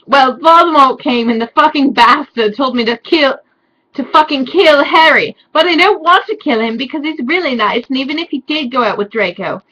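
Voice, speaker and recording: A woman voicing a melodramatic goth teenage girl, loud and over-the-top in outrage. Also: sits high, expressive, moderate pace, pitched above the performer's own voice, poor audio. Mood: sobbing rant. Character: melodramatic teen goth girl, furious and weepy.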